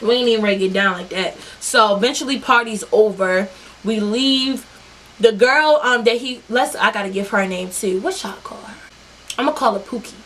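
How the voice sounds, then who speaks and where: A young woman telling a story to her viewers in an animated, profane, talk-straight-to-you way. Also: mid-range voice, moderate pace, slight background noise. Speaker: vlogger. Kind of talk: storytime vlog.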